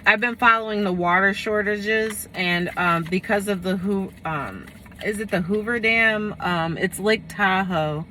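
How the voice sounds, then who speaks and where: A woman's voice: mid-range voice, a little slow, bright, forceful tone, a little hiss or hum. A woman giving a casual tarot reading, rambling and correcting herself as she talks. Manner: rambling, full of fillers and self-corrections. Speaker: tarot reader.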